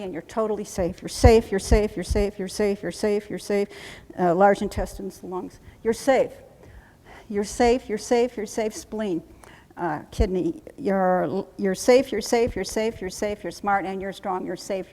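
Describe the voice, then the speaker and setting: A woman trainer demonstrating a trauma-relief technique, calmly repeating soothing reassurances in a steady chant. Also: mid-range voice. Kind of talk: instructional demonstration. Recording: long reverb.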